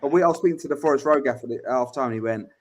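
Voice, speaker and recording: A man co-hosting a relaxed football podcast, his voice sitting right in the middle of the range. He talks bluntly, swears freely and repeats words while he thinks. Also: medium pitch, racing. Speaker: podcast co-host. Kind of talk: casual football chat.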